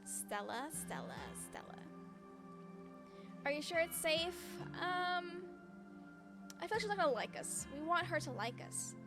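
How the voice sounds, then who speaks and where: Giggly lady doing let's play commentary, high voice, game music under it. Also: expressive, moderate pace. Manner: giggly, reacting aloud. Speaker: streamer playing a story game.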